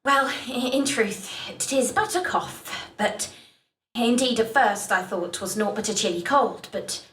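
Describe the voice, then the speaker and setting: An actress playing a proud, coughing Elizabethan mother in a game, speaking in archaic, sharp-tongued phrases. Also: on the high side, measured pace, roomy sound, far from the mic. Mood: worried.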